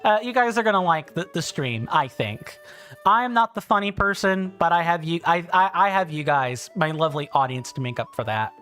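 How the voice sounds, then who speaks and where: A man's voice: fairly high pitch, lively intonation, a little fast, fairly bright tone, soft background music. A man in his thirties with a British-sounding accent, hosting a casual game livestream and reading chat in a rambling, friendly way full of fillers and restarts. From South Carolina, US. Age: 30s. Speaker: livestream host.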